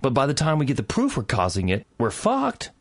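A man's voice: mid-range voice, huge pitch swings, a little fast, no echo. A tipsy man doing an older English scientist with a blunt, emphatic way of talking and a bouncy delivery. He swears freely as he makes his point. The sound is close and dry. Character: older English male physicist, blunt and frank.

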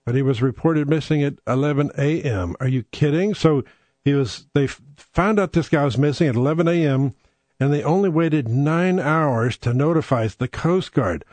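A man's voice: on the high side, moderate pace, a little mellow, no echo. A man hosting a rambling comic monologue, profane and sardonic, digressing as he talks.

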